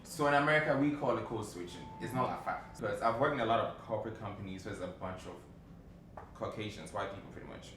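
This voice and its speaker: A man hosting a casual panel chat, joking and animated, swearing freely. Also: fairly low pitch, fast talker. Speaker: host. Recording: echoey room, distant mic, faint noise.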